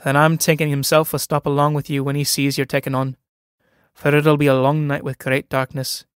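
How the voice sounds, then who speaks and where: A man's voice: on the high side, fairly even intonation, brisk, clean tone, dry recording, studio quality, lightly acted. A man reading a play aloud, voicing a timid, awkward young farmer who speaks uneasily and hesitantly.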